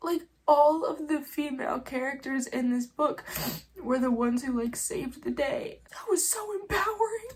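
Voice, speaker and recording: High-voiced young woman vlogging, slow and chatty. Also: level tone, a little hiss or hum. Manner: emotional, laughing through tears; chatty, self-mocking. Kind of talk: casual vlog chat.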